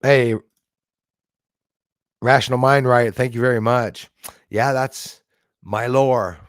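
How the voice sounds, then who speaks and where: A man's voice: medium pitch, level tone, slow, no echo, clean studio sound. A man, hosting a live stream, ranting with strong opinions and greeting viewers by name. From Canada. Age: 40s. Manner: ranting, opinionated, laughs between remarks. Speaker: livestream host. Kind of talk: casual live-stream chat reading viewer comments.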